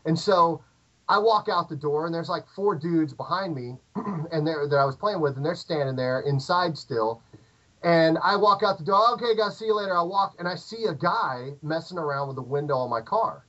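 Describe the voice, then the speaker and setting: A middle-aged American man tells a rambling story full of fillers and restarts. His voice sits a little high for a man. The call audio is dull and lo-fi. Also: moderate pace. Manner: rambling, animated anecdote with many fillers and restarts. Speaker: podcast guest. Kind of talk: casual storytelling. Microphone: remote call audio.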